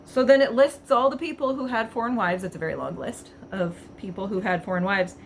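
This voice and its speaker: A woman casually reading passages aloud and commenting on them with wry amusement, thinking out loud with fillers. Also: medium pitch, fairly quick, slight background noise. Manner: wry, chatty, laughs at the text. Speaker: vlogger.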